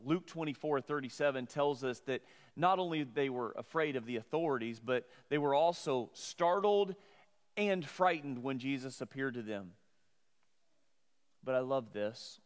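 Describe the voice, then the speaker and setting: A man's voice: medium pitch, moderate pace, big-room sound. A middle-aged man preaching a sermon, earnest and conversational, often restarting his words. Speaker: pastor.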